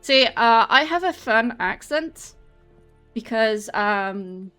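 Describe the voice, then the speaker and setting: A woman's voice: a little high, expressive, takes it slowly, sharp tone, faint music behind. An English woman streaming, chatting in a rambling, casual way to her viewers while walking on a treadmill. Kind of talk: casual livestream chat. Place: home, on a treadmill.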